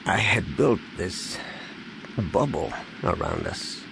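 Audiobook read: man voicing a grieving captain, low, hushed, voice cracking. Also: expressive, measured pace, creaky, background noise. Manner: quiet, voice breaking. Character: grieving middle-aged male starship captain.

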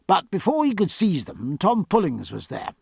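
A man narrating a historical sea novel in a measured, literary reading. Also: sits high, wildly swooping pitch, gravelly, a little mellow, husky, no room sound, studio quality. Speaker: audiobook narrator. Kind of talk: scripted narration.

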